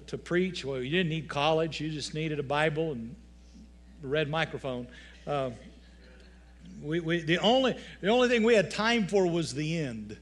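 A male pastor delivers a sermon from the pulpit. He leans on folksy, humorous storytelling to make his points. His voice sits a bit higher than most men's.

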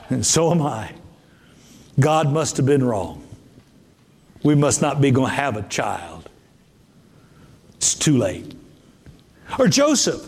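A man with a high voice delivers a sermon, swinging widely between low murmurs and soaring peaks. He hammers phrases through repetition, and his words ring out with a long reverb of a large hall. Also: animated, measured pace, pauses often, slightly rough. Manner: emphatic, repetitive preaching with sudden pitch jumps. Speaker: bishop preaching.

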